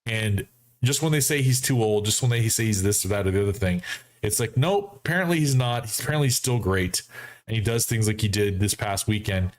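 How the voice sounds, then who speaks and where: A man hosting a casual football fan show for a live audience, animated and mocking, acting out friends he quotes. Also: fairly low pitch, fairly quick. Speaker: sports fan show host. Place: home studio setup.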